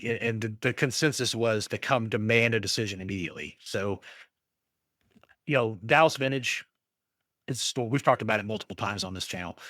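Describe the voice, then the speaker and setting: Low-voiced man ranting about a shop. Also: no echo, studio quality. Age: middle-aged. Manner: animated ranting storyteller, acts out both sides; frequent restarts and fillers when worked up. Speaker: podcast co-host. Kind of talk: casual chat.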